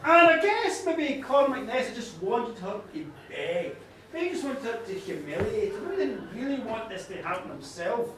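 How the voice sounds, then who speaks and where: A male storyteller recounts an old myth to a live audience, breaking off for chatty asides. His voice swings lively in pitch. He is heard from a distance in a strongly echoing pub with faint background noise. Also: normal speed. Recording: echoey pub room from far off. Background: faint room ambience.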